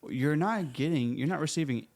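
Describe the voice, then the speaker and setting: A man's voice: normal speed, darkish tone. A man hosting a podcast in casual faith talk, earnest, his voice rising when he makes a point. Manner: earnest, rises in pitch when making a point. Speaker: podcast host.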